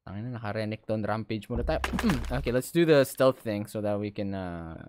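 A man giving casual, excitable let's-play commentary, swearing freely and switching languages. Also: on the low side, fairly quick, noisy background. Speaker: gaming streamer.

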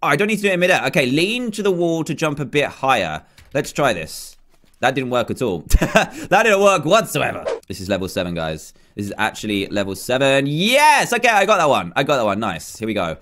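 A man's voice: mid-range voice, big pitch swings, brisk, a bit bright. A young man commentating his own game play, chatty, self-mocking and easily flustered. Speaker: gaming YouTuber.

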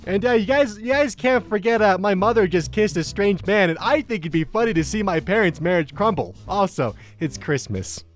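A man's voice: sits high, lively intonation, moderate pace, few pauses, faint music behind. An American man hosting, reading funny posts aloud in a casual comedic way, often breaking into laughter.

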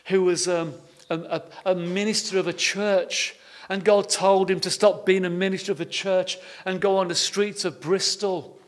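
A high-voiced man preaching a sermon in an easy storytelling manner. He often repeats his words as he goes. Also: steady tone, moderate pace. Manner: homely, anecdotal, repeats words. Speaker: pastor.

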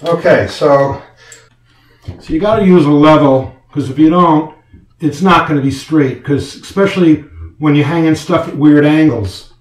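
A man's voice: fairly high pitch, normal speed. A man casually talking through a wall-mounting job step by step as he works, joking at his own expense. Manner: chatty, self-mocking, explains each step as he works. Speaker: do-it-yourself video maker. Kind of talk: casual narration while working. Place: indoor room being set up as a studio. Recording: roomy echo, faint background noise.

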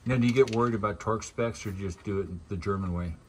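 A man's voice: on the low side, fast talker, a little mellow, slight background noise. A man chatting and joking while watching a car repair in a garage. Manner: joking, chatty, asks questions. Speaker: channel host filming car repair. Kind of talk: casual chat in a garage. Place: garage or driveway, working on a car.

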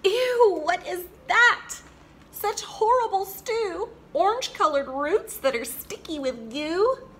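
A woman's voice: on the high side, sing-song, measured pace, sharp tone, slight background noise, full character voice. A woman voicing a fussy young male frog who is a picky eater, in a theatrical, sing-song, raised voice for a storybook. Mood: disgusted.

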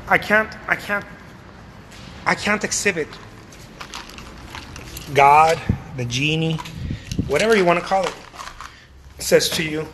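A man talks animatedly and emphatically in a casual motivational way, often repeating words. His voice is pitched high. A faint hum of noise sits behind him. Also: takes it slowly, long pauses. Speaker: artist.

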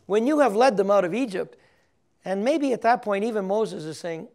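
A man's voice: sits high, expressive, normal speed, a little mellow. An older male priest teaching on scripture, reading passages aloud, chuckling often and checking in with his listeners. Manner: chuckles often, reads scripture aloud, asks the audience questions. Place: recorded for television broadcast.

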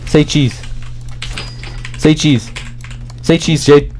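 A young man giving loud, slangy live commentary over his own gameplay, trash-talking other players and often shouting. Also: fairly high pitch, fairly even intonation, extremely slow, soft background music. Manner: slangy, repeats lines and ends them with "bruh". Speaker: gaming YouTuber.

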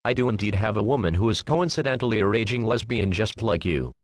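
Here is a chatty storybook woman who states things plainly, read by a man without much change of voice. The delivery is lowish. The sound is close and dry. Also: animated, fast talker, dry recording. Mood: matter-of-fact. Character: chatty female cake-bringing storybook character.

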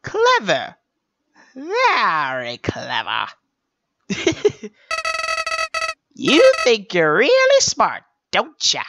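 A woman's voice: huge pitch swings, very slow, long pauses, highs cut off, background noise, heavily acted. A woman doing a sneering villain flower. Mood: mocking. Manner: sneering, swinging from high to low. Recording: game music playing behind.

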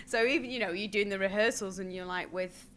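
An actress chatting as a guest in an interview, animated and laughing often. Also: female voice, medium pitch, fairly quick. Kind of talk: casual chat.

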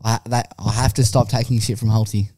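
A man's voice: lowish voice, fairly even intonation, brisk, warm tone, no echo. A man co-hosting a podcast, sheepish and evasive in casual banter. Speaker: podcast co-host. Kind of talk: casual chat.

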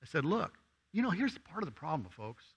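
A man's voice: fairly high pitch, big pitch swings, fairly quick, slightly rough, muffled recording. A man preaching a sermon in a church, talking conversationally and asking the congregation questions. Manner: acts out voices of people in the story. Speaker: guest preacher. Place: church sanctuary.

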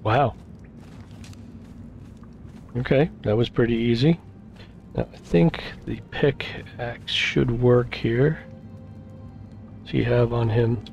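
A man's voice: mid-range voice, slow, gravelly, long pauses, darkish tone, muffled recording, soft background music. A man casually commenting on his own gameplay, thinking aloud with fillers, and losing his voice. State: losing his voice, clearing throat. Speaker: gameplay video host.

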